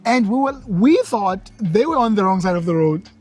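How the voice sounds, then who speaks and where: A young South African man chatting with his wife on their channel, switching between English and Xhosa while retelling stories with animated quoted voices. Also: sits high, normal speed, soft background music. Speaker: co-host, husband. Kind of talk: casual chat.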